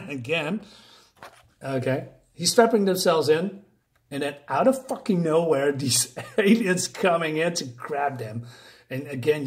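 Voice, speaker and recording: The gory scenes draw excited laughter from a man as he casually retells a comic book story. His voice is on the high side, and his telling is full of fillers and restarts.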